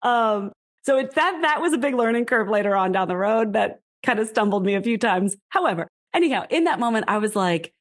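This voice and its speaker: A woman's voice: fairly high pitch, brisk. A woman from the United States, a guest in a casual interview, telling her story animatedly with frequent laughs and lots of "like.". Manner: animated, laughing, heavy use of "like". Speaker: guest, whisky brand founder.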